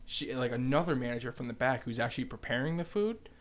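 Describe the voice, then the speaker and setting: A young man co-hosting a podcast, who tells stories in a casual, animated way and swears freely. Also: medium pitch, fast talker. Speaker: podcast co-host. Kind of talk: casual chat.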